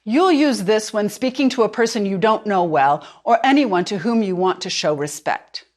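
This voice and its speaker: A woman language teacher, narrating a lesson clearly and deliberately and slowing down on words she wants repeated. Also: mid-range voice, expressive. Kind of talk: instructional narration.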